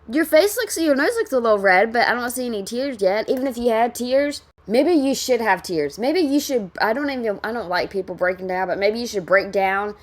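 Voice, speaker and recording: A woman talks over a show clip in a blunt, profane rant. Her mid-range voice hammers the same points again and again. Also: medium pitch. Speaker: reaction video host. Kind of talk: commentary reacting to a reality show clip.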